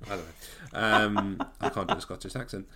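A low-voiced man co-hosts a relaxed podcast. He leads the conversation with questions. His manner stays easygoing and conversational. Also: brisk, slight background noise. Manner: leading the talk with questions, easygoing. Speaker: podcast co-host. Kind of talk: casual chat.

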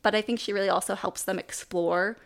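A woman co-hosting a podcast in casual chat, animated and laughing as she acts out quoted lines. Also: medium pitch, fairly quick, creaky. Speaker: podcast co-host.

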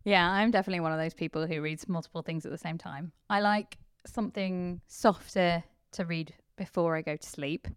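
A woman's voice: fairly low pitch, fairly even intonation, fairly quick, few pauses, smooth, no echo, clean studio sound. A woman vicar with a mixed English accent, with traces of Kent and Yorkshire, chatting as a podcast guest and laughing often. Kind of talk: casual interview chat.

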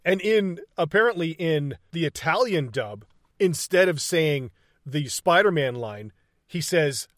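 A man with a fairly high voice recaps a movie in loose, casual chat. He swears freely, laughs through his sentences and slips into the characters' lines. The sound is close and dry. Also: animated, measured pace, dry recording. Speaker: podcast co-host.

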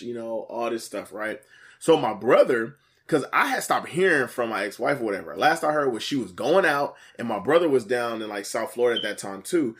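A man casually telling a story in slang, animated, jumping to a higher voice when he quotes people. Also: brisk, slightly rough.

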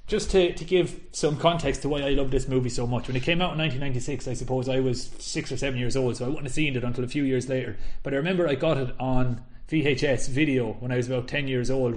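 Co-host, man in his thirties, enthusiastic and laughing, middle pitch. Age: 30s. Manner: enthusiastic, laughs often while retelling. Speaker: podcast co-host. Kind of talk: casual chat.

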